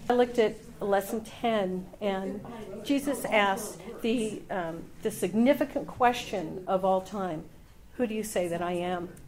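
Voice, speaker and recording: A woman's voice: medium pitch, measured pace, a little mellow. Thoughtful woman questioning herself aloud. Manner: thoughtful and searching, with some ums and self-questioning. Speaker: Bible study group member sharing a reflection. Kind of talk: personal testimony.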